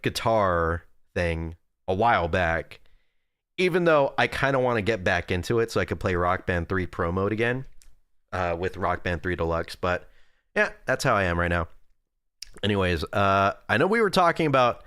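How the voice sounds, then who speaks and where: Rambling young man, very lively pitch. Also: clean tone, dry recording, studio quality. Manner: rambling, jokey, talks to chat. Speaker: streamer. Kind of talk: casual live-stream chat. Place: at a desk indoors.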